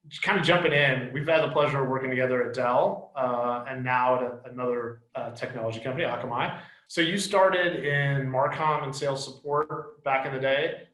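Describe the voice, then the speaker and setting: A man's voice: mid-range voice, a bit bright, reverberant, rough recording. A man hosting a podcast interview, reading an introduction and then chatting loosely with dry jokes. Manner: reads intro then chats loosely, joking. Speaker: podcast host. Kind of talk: casual interview.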